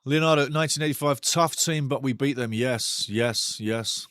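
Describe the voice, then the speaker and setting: A man hosting a live football watch-along, commenting on play with excitable, sweary banter aimed at his chat. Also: mid-range voice, normal speed, no room sound, studio quality.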